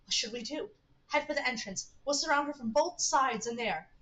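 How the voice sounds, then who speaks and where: A clipped, urgent scientist man in a text game, read out by a woman. He speaks formally and in a hurry, giving orders with no time to waste. The voice sits fairly high for a man. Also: normal speed, pushed and bright, rough recording. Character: brisk brainy older male scientist.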